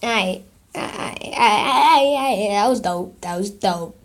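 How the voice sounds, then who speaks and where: A woman's voice: medium pitch, steady tone, measured pace. A woman vlogger in casual chat, playing sound effects from an app and reacting with giggly, playful commentary.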